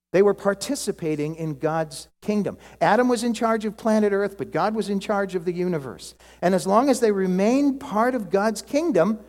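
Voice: medium pitch, darkish tone. An American preacher giving a sermon in a conversational way, with joking asides to the congregation. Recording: long hall reverb.

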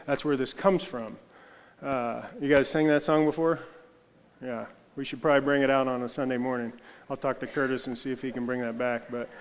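A man preaching a conversational sermon to his congregation, halting often with restarts and fillers. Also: medium pitch, clean tone, long reverb tail. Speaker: pastor.

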